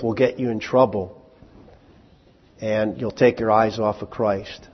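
A male pastor preaching in a husky voice. He talks to the congregation like a friend and cracks jokes, then drops low or suddenly gets loud. The sound is muffled and lo-fi, with a long reverb from a large hall. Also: normal speed. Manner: animated, jumps from hushed to loud in sudden bursts; joking, conversational preaching. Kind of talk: sermon.

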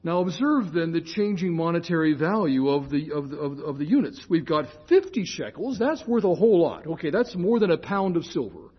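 An older man with a slightly high, husky voice gives an informal lecture, wandering into asides and correcting himself mid-sentence. He slows right down to explain key terms. The recording is muffled and lo-fi. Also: big pitch swings. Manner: chatty, digressive, with restarts and self-corrections. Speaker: lecturer on scripture.

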